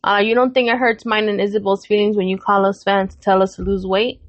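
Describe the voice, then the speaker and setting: Talking fast in a mid-range voice, a woman in her thirties co-hosting a podcast recounts a family story, cursing often and voicing each person's lines with animation. The recording is muffled and has no room sound.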